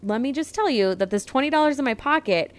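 A woman's voice: high-pitched, lively intonation, fast talker. A woman in her thirties co-hosting a podcast, telling a story in a chatty, self-mocking way. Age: 30s. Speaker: podcast co-host. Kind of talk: casual podcast chat.

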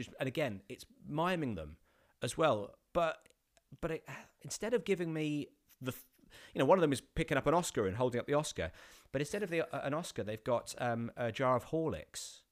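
A man, an actor, telling a casual anecdote with many restarts and animated bursts. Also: mid-range voice, brisk. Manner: rambling with many restarts, rising to animated outbursts.

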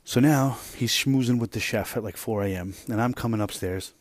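A man hosting a podcast, telling a rambling, profane workplace story in a casual, animated way. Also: mid-range voice, normal speed, no room sound. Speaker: podcast host.

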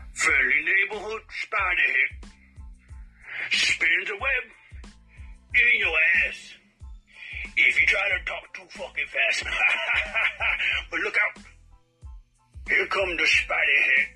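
A man's voice: sits high, expressive, slow, pauses often, slightly rough, faint music behind, heavily acted, poor audio. A man voicing Cecil, a brash, foul-mouthed character who rants profanely in a comedic voice message. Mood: rowdy. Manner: profane, loud, rambling rants.

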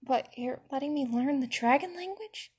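A woman's voice: on the high side, moderate pace, breathy edge, voice pushed up. A woman voicing a timid, awestruck young male slave who stammers breathlessly.

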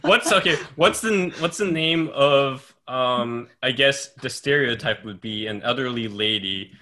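A young man in his twenties talks in a loose, laughing podcast chat. His voice is bright and a bit forceful, and he tells stories with energy. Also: mid-range voice, unhurried. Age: 20s. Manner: laughs often, animated storytelling. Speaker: podcast co-host. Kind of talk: casual chat.

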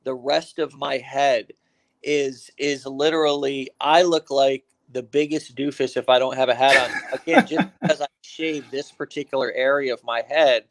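This man from the United States has a mid-range voice and talks at a normal speed as he hosts an online phone interview. Upbeat and energetic, he starts with a hype opening and often uses fillers and restarts himself.

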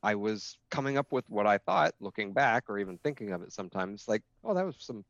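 Low-voiced male podcast guest, rambling and casual, dull lo-fi audio. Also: fairly quick, fairly bright tone, dry recording. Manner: rambling, casual swearing, many restarts.

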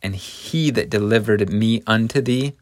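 A man voicing a calm, solemn condemned man, speaking quietly and steadily. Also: on the low side, a little slow, no echo, clean studio sound, close to an everyday voice.

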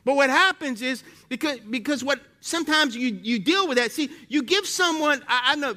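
A man with a very high-pitched voice preaches a sermon as a pastor. He's animated, peppering his delivery with rhetorical questions he throws out to the congregation.

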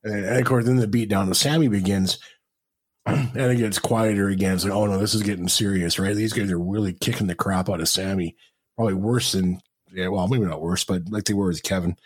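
A man's voice: sits low, a little fast, husky. A man co-hosting a podcast, retelling a match in casual chat and acting out the crowd's reactions. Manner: animated storytelling, acts out crowd reactions. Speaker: podcast co-host.

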